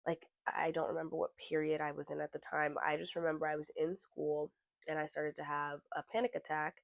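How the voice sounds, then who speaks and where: Candid young podcaster with vocal fry. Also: mid-range voice, no room sound. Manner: candid, swears freely, animated when retelling scenes. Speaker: podcast host. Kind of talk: candid personal storytelling.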